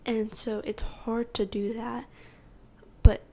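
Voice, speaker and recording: Teenage girl telling a story, slightly high. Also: little pitch movement, slow, dark tone, slight background noise. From Texas, USA. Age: teens. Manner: rambling storytelling, acting out her own and others' lines. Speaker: podcast host. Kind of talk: personal testimony.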